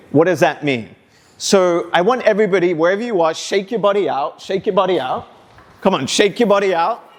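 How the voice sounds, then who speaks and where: A man speaking as a motivational speaker to students, energetic, coaxing the audience with questions and call-and-response. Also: sits high. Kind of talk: interactive talk to students. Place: school hall.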